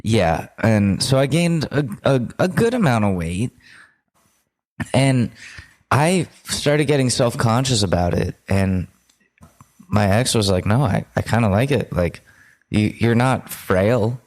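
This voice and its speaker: A man's voice: lowish voice, animated, slow pace, a little mellow. A man in his twenties co-hosting a podcast, telling loose, self-deprecating stories in casual chat. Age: 20s. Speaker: podcast co-host.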